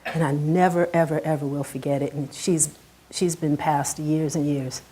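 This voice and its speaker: Warm-voiced middle-aged woman telling a story. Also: deep voice, steady tone, moderate pace. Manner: earnest and heartfelt, rises and drops sharply with emotion. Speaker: speaker giving a talk. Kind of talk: personal storytelling talk. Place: stage before a live audience.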